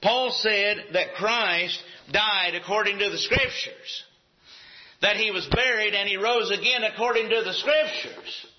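A man's voice: high-pitched, unhurried, a little hiss or hum. A man preaching a sermon in a church, emphatic and repetitive, firing off rhetorical questions. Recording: echoey, dull lo-fi sound.

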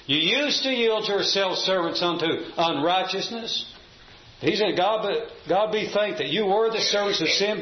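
Higher-voiced preacher in a roomy hall. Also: male voice. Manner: emphatic, asks the congregation questions. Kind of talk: sermon. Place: church room. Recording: roomy, dull, faint hum.

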